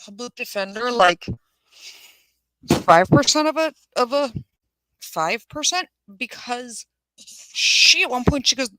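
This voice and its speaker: A woman's voice: a little high, animated, slow, long pauses, pushed and bright, dry recording, poor audio. A woman hosting a live firearms channel, giving casual commentary in a blunt, sarcastic way, swearing freely and answering viewers' comments. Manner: chatty, reads viewer comments aloud.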